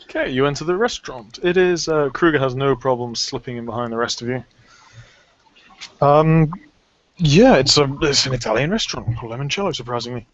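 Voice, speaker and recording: A man's voice: medium pitch, expressive, fairly quick, muffled recording. A man narrating as game master, loose and hesitant, full of fillers. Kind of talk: narrating a tabletop game over voice chat.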